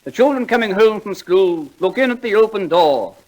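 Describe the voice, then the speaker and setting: A pompous, fussy poetry reciter. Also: male voice, high-pitched, lively intonation, normal speed, a little mellow, low-quality recording. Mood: declaiming. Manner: declaims grandly, snaps in irritation. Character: pompous man reciting poetry, easily exasperated. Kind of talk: 1940s radio comedy acting.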